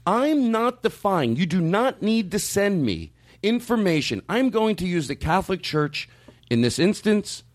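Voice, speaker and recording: A man hosting a podcast, talking in a halting, rambling way with many restarts and fillers, with a hint of sarcasm. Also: sits high, big pitch swings. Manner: openly sarcastic at times. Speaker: podcast host. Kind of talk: casual discussion.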